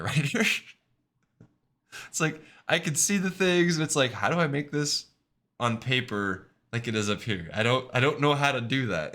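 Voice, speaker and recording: A man's voice: medium pitch, pushed and bright. A man streaming and chatting casually, rambling with lots of fillers and "right?" tag questions. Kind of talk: casual chat.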